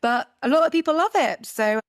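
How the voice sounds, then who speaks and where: A woman's voice: high-pitched, expressive, brisk, no echo, studio quality. A woman from Britain co-hosting a casual podcast, explaining her points in a chatty, emphatic way. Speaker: podcast co-host.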